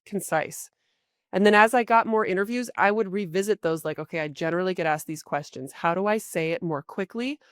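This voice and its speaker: A woman career coach hosting a podcast, giving casual advice in a chatty way with many fillers and sudden jumps in pitch and volume. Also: no echo, studio quality. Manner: animated, with big jumps in pitch and loudness; acts out short quoted exchanges.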